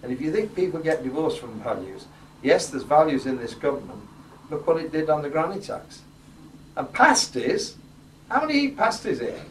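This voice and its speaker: A man's voice: on the high side, big pitch swings, normal speed, fairly bright tone. A man from Yorkshire, giving an informal campaign speech to local residents. He is jokey and blunt and throws questions to the crowd. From Yorkshire, England. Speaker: politician addressing local residents. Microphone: distant microphone. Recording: roomy, distant, noisy ambience.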